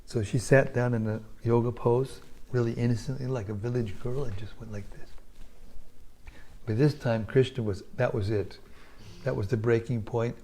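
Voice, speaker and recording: A man giving a scripture class, retelling a sacred story in a relaxed, conversational way. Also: medium pitch, normal speed. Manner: relaxed retelling with soft asides.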